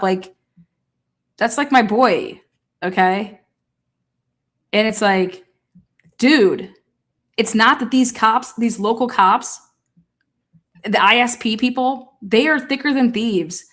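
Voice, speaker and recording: A woman talking through a case in a casual livestream, rapid, heated and full of swearing. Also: fairly high pitch, fairly bright tone. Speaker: true-crime commentator.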